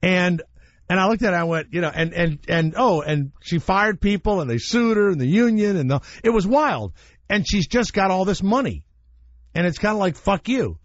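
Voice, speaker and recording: A man's voice: sits high, moderate pace, dry recording, dull audio. A man hosting a talk radio show, telling stories in an opinionated, blunt way with some swearing. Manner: opinionated, animated storytelling with blunt profanity. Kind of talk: casual talk radio chat.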